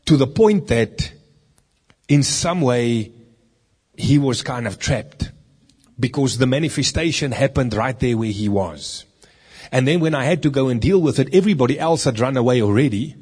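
A man's voice: medium pitch, expressive, moderate pace, a little mellow, husky. A man preaching a sermon in a conversational way, with rhetorical questions and stories from his meetings.

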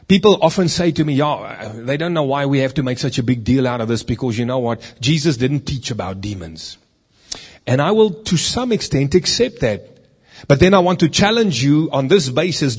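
A man's voice: fairly high pitch, darkish tone, breathy edge. A man preaching a sermon in a conversational way, with rhetorical questions and stories from his meetings.

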